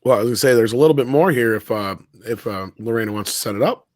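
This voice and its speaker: A man panelist giving quick, dismissive commentary in an online roundtable. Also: medium pitch, no echo, clean studio sound.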